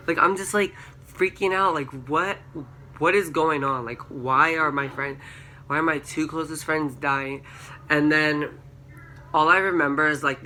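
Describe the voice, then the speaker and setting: A young man vlogging a storytime, rambling through a dream with constant filler words and rising into excited shrieks when he quotes himself. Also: a little hiss or hum. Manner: excited, rises to high-pitched shrieks when quoting himself. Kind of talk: storytime vlog. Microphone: camera.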